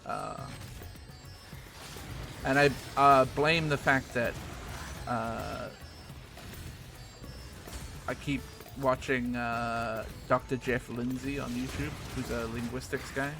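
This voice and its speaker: A man with a gravelly, mid-range voice and a New Zealand accent talks slowly on a game stream, pausing often and keeping his intonation fairly even. It's casual, rambling chat with fillers and light swearing, backed by music.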